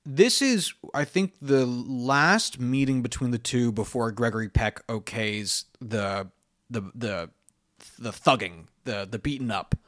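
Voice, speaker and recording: A man's voice: mid-range voice, expressive, unhurried, a bit bright. A man co-hosting a casual film podcast, talking animatedly, swearing freely and acting out lines from the movies. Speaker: podcast co-host.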